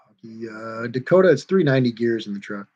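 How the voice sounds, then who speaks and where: A man's voice: mid-range voice, expressive, fast, a little mellow, slightly rough, lo-fi sound. A man hosts a casual livestream, reading viewer comments aloud. His delivery is laid-back and conversational, with easy replies between the comments. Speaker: livestream host reading chat. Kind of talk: casual chat.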